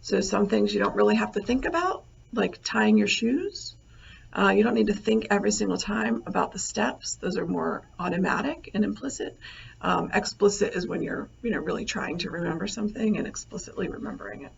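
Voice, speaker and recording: A woman with a strongly gravelly, creaky voice talks through a recorded lecture over slides, easygoing and full of fillers as she thinks aloud. The sound is slightly dull, with a faint hiss under it. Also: mid-range voice.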